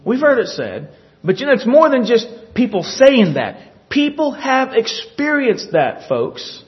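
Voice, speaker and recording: A man preaching a sermon, animated, acting out scripture scenes with little chuckles. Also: very high-pitched, unhurried. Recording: dull lo-fi recording.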